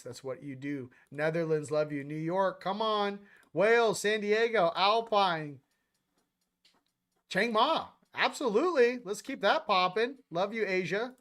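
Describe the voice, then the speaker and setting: Male livestream host, slightly high voice, loose and upbeat, calls out viewers. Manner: upbeat, rattling off shout-outs to viewers. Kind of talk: casual livestream chat.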